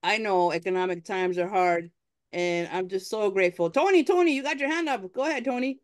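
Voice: medium pitch, a little fast. An event host running a live fundraising appeal at a town hall, upbeat, coaxing and chatty.

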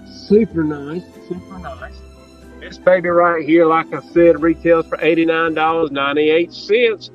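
A man's voice: fairly high pitch, fairly even intonation, measured pace. A man running a live online auction, folksy and repetitive, hyping each item and urging bids. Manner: repetitive, folksy hype, says y'all. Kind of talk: live auction sales pitch. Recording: dull lo-fi audio with faint music.

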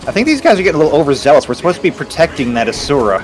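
Lively joking man playing a game. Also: a little high, racing, faint music behind, rough recording. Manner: joking, dry teasing. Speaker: game player. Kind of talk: casual gameplay chat.

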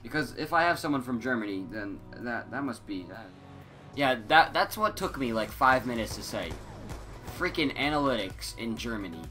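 A teenage boy rambling through casual gaming commentary, scattered and self-interrupting, excitable, on a headset mic. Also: mid-range voice, normal speed, faint music behind. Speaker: gaming YouTuber.

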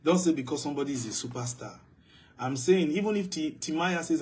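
A man preaching with real force, his voice pitched a little higher than most men's. He builds to loud, emphatic declarations and then drops to low, quiet asides, as a pastor working through a sermon. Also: fairly quick.

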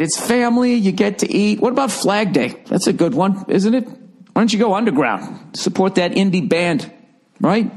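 A man's voice: sits high, darkish tone. A man in his forties with a Boston accent, hosting a solo podcast in a profane, rambling comedic rant. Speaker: podcast host.

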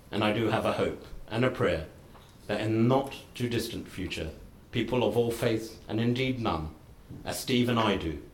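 A middle-aged man giving a formal lecture, speaking in measured, deliberate short phrases with wry humour. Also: lowish voice, slight background noise. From United Kingdom. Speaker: guest lecturer. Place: lecture hall. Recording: roomy lecture hall.

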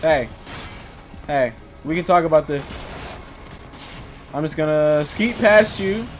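A young man narrating his own gameplay, joking around and shouting when he gets startled. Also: a little high, takes it slowly, a little hiss or hum. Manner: jokey, excitable, yells when startled. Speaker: gaming YouTuber. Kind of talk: let's play commentary.

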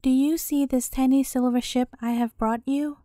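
A woman voicing a kind fairy in a storybook, soft and soothing. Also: sits high, fairly even intonation, moderate pace, dry recording, clean studio sound, close to an everyday voice. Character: kind gentle foam fairy.

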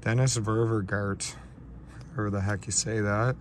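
A man hosting a casual card-opening vlog, talking in a slow, low-key way and getting shaky and overwhelmed with excitement. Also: a little hiss or hum. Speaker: card-breaking channel host.

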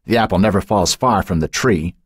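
A man voicing a gruff, irritable male editor who growls and grumbles in an audiobook. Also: sits low, a little fast, no echo, clean studio sound. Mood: grumbling.

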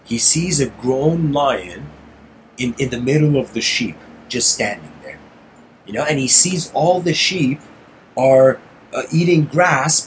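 A man spins a loose, rambling parable as a casual lecture. He keeps backtracking and restarting his phrases. His voice sits at a middling pitch, with faint noise underneath. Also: rough recording. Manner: meandering, restarts phrases, frequent "you know".

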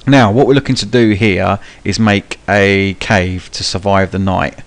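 A man's voice: fairly low pitch, steady tone, unhurried. A young man giving casual, rambling live commentary for a gameplay tutorial, with frequent ums and cheeky swearing. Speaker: gaming channel host.

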